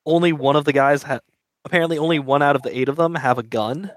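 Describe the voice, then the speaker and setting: A man's voice: on the high side, steady tone, quick pace, dry recording, poor audio. A man running a tabletop game as game master, narrating in a casual, loose way. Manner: casual, loose, laughing often.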